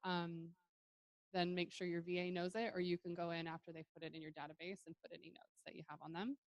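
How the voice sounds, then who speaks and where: An American woman walking through event follow-up tasks in a casual, instructional way, chatty and relaxed and quick to laugh. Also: fairly low pitch, dry recording, highs cut off. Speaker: workshop presenter.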